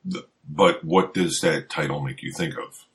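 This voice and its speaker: A man with an extremely deep, husky voice trading wry jokes in a laid-back comic book discussion. He speaks as a co-host, relaxed and conversational. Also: normal speed. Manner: wry, joking asides. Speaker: podcast co-host.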